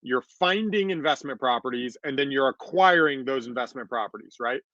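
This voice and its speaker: A man's voice: medium pitch, lively intonation, a little fast, bright, forceful tone, no room sound. A man casually talking on a podcast, making points with emphatic repetition. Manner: emphatic, repeats points, acts out quoted voices. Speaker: podcast co-host. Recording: dull lo-fi dry recording.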